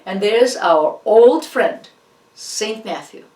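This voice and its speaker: A woman with a Russian accent gives a relaxed art history lecture, stopping and restarting often with fillers. Her voice sits at a middle pitch. The recording is roomy and echoey, with her some way off from the mic. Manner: halting, many fillers and restarts, animated asides. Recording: roomy echo, distant from the mic.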